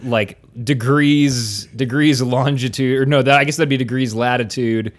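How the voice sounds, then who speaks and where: A man hosting a casual podcast, joking and rambling through loose banter with quick asides. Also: medium pitch, steady tone. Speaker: podcast host.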